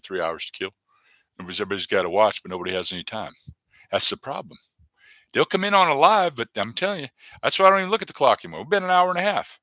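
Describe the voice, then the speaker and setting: Male stream host, lively pitch, bright edge, dry close sound, rambling and jokey with his chat. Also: dry recording. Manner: rambling, jokey, talks to chat viewers by name. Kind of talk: casual live-stream chat. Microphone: desk webcam setup.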